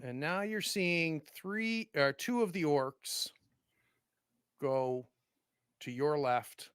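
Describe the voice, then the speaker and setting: A man narrating a tabletop game as game master, in vivid, animated storytelling. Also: on the high side, extremely slow, clean tone, no echo, clean studio sound.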